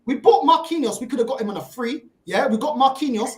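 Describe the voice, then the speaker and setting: A woman's voice: high-pitched, expressive, quick pace, a little mellow. A woman, ranting as a panelist on a fan discussion show, exasperated and mocking. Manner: exasperated, mocking, repeats "bro". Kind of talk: heated fan rant. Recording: echoey room.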